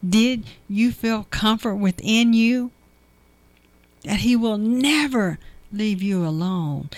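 A devotional speaker reads scripture and reflects on it at a slow, deliberate pace, leaning hard on key words and repeating phrases for emphasis. The voice sits at a middle pitch, and the recording is dry and close, with no room sound. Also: no echo. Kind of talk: Bible reading and devotional reflection.

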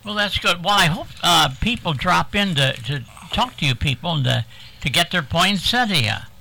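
Brief: male radio host, folksy jokester, high gravelly voice, sharp bright tone. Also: animated, moderate pace, rough recording. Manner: folksy, joking. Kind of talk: casual radio chat.

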